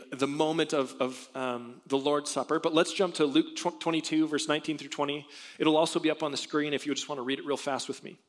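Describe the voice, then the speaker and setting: A man delivers a sermon in an earnest, conversational manner, reading scripture aloud and pressing the congregation with rhetorical questions. His voice sits a little higher than most men's, and long reverb from a church sanctuary trails after his words. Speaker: pastor.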